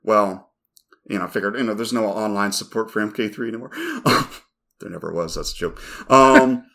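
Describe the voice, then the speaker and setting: Profane low-voiced podcast storyteller man. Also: sing-song, normal speed, creaky, sharp tone. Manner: casual, profane, rambling anecdotes. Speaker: podcast co-host. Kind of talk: casual podcast chat and storytelling.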